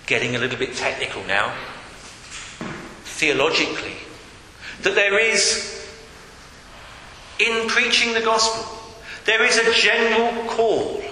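A man's voice: high-pitched, pushed and bright, slight background noise. A man preaching an earnest sermon, rising into calls and appeals, in a church hall. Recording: echoey hall with long reverb.

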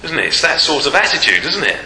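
A male preacher giving a Sunday sermon, asking rhetorical tag questions and pausing on fillers, in a church hall with a long reverb. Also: on the high side, big pitch swings. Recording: roomy hall reverb, faint noise.

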